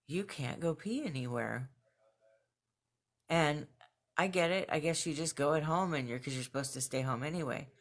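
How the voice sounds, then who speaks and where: Young female vlogger, casual home diary, chatty and animated. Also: low voice, moderate pace, pauses often. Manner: chatty, animated when quoting herself, laughs between phrases. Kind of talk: casual video journal storytelling. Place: at home with her cat nearby.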